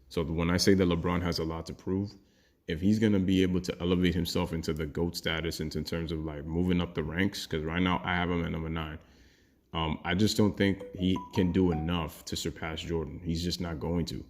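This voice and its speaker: A man giving a heated, opinionated sports rant as a commentary YouTuber, blunt and swearing freely. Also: low voice.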